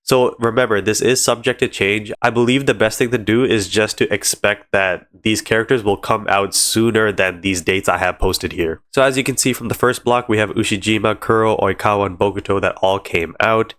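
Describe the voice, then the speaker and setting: Congested from allergies, a gaming YouTuber chats casually to camera about a game's upcoming banners. His lowish, steady, fairly bright voice moves at normal speed with hardly any pauses, and he explains things step by step, leaning on "so" and "again."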